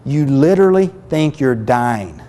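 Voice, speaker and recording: A man's voice: medium pitch, sing-song, measured pace, dark tone. Man teaching, in a long-echo hall. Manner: earnest, plain-spoken, repeats phrases. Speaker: relationship counselor. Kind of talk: spoken self-help lesson.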